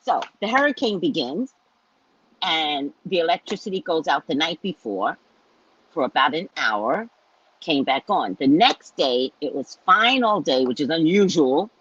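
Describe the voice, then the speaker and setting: A middle-aged woman hosting her own show, telling a story to viewers in a chatty, animated way with asides and the odd swear word. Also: low-pitched, a little slow, slightly rough, muffled recording. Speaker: psychic reader and show host.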